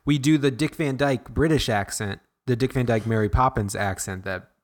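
A man's voice: medium pitch, moderate pace. A man co-hosting a podcast, rambling in casual chat, restarting sentences often. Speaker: podcast co-host.

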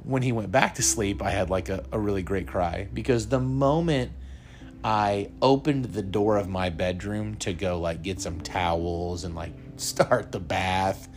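A young man hosting a podcast, telling a personal story earnestly and laughing now and then. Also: on the low side. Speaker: podcast host.

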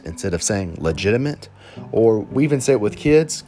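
A man with a Southern Alabama accent, the lead pastor, preaching a conversational sermon with animated, slang-filled examples. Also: medium pitch, fairly quick.

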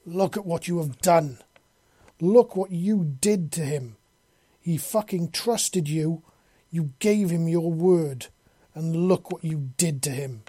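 Narrator putting on a shouting accusing conscience, louder, husky, dry sound, storybook. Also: mid-range voice, slow, no echo. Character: screaming inner voice of conscience.

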